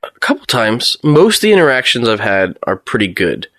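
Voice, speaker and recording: A man's voice: medium pitch, dry recording, clean studio sound. A young American man, a photographer, telling stories in a casual interview and acting out the exchanges he quotes. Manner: fast, animated storytelling, acts out quoted exchanges.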